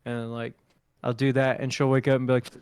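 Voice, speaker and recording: In this casual storytelling chat, a young podcast co-host with a mid-range, clean-toned voice talks a little fast. He animatedly spins funny stories, performs the quotes, and swears freely, recorded at studio quality with no echo.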